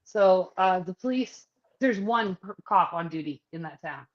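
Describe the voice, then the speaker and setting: A woman's voice: fairly low pitch, a little slow, highs cut off. A woman co-hosting a podcast, casually telling a story with lots of swearing and acting out other people's lines. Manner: profane, animated storyteller who acts out others' lines. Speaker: podcast co-host. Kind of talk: casual chat, personal storytelling.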